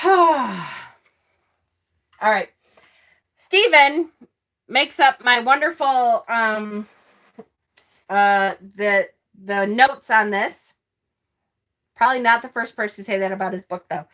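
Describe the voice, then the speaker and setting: A woman's voice: on the high side, slow, pauses often, bright, forceful tone. A woman hosting a casual tarot live stream, chatty and snarky, laughing often. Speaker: tarot channel host.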